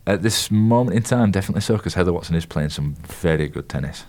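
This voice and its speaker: A man co-hosting a hospital radio sports show, giving tennis updates in a relaxed, hesitant way. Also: sits low, fast talker. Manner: relaxed, hesitant, repeats himself. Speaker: sports co-host. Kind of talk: casual radio sports chat.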